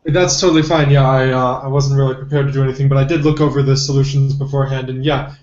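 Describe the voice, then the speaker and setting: A man's voice: mid-range voice, a little mellow. A man co-hosting a podcast, talking through ideas thoughtfully and hedging with many fillers. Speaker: podcast co-host. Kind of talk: casual analytical discussion. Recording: dull lo-fi recording in a roomy echo.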